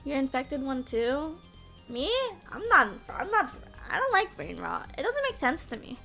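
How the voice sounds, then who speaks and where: A woman's voice: sits high, big pitch swings, measured pace, vocal fry, pushed and bright, soft background music. A woman in her twenties chatting casually on a live stream, full of "like" and tag questions. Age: 20s. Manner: chatty, peppers speech with "like" and "yeah?".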